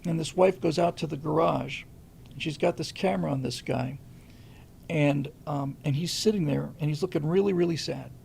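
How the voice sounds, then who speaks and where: Gravelly-voiced man rambling through a story. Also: a little high, normal speed, darkish tone, a little hiss or hum. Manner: rambling storyteller, frequent restarts and repeated words. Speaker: show host. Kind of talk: casual commentary monologue.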